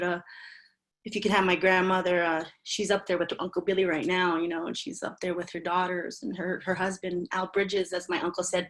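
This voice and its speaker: A woman giving an informal, earnest talk on a video call, halting often with fillers and restarts. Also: lowish voice. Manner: heartfelt, earnest. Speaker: presenter at a virtual working group meeting. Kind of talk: informal spoken presentation.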